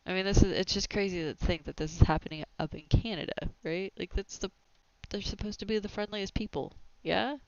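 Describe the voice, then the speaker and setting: A woman hosting a casual opinion podcast, animated and opinionated, often laughing as she talks. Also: mid-range voice, brisk, few pauses, no echo. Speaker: podcast host. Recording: dry, slightly dull lo-fi sound.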